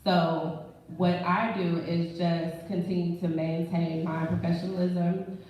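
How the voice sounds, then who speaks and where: A woman's voice: on the low side, flat delivery, measured pace, a little mellow. Young woman telling her story candidly. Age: young adult. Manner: conversational, candid, self-assured. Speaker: mortgage branch manager. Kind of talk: candid personal storytelling on a panel. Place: live event room. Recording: echoey room, distant mic, dull sound, faint noise.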